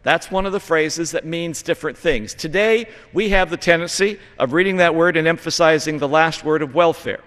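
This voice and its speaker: A middle-aged man from Utah stands at a podium microphone and gives an earnest, lecturing floor speech. His voice sits a little high for a man, and he leans hard on key words. The long reverb of a large legislative chamber trails behind him. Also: moderate pace, hardly any pauses, fairly bright tone. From Utah, United States. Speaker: congressman.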